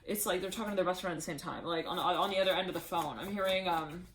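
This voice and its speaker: A woman's voice: fairly low pitch, fast talker, a bit bright. Rambling woman giving a tarot reading. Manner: rambling, laughing, acts out quoted voices. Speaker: tarot reader.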